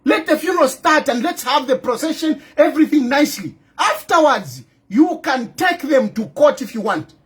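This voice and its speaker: A man's voice: very high-pitched, very animated, moderate pace, hardly any pauses, fairly bright tone. A middle-aged Zambian man with a Zambian accent, giving an impassioned, scolding address as a political commentator, firing off rhetorical questions and repeating them. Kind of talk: impassioned direct-to-camera address.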